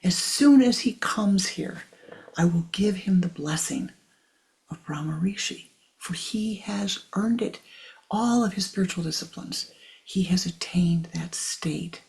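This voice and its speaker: A woman voicing a kind male sage who hurries to stop someone, her voice much higher and louder than usual. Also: measured pace, gravelly. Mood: warm. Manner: urgent, repeating commands. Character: kindly elder male sage, frantic and caring.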